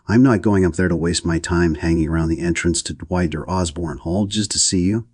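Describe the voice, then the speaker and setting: A man's voice: low-pitched, a little mellow, breathy edge, no room sound, clean studio sound. A man reading an audiobook, voicing a curt and scornful young man. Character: weary young man, scornful older brother.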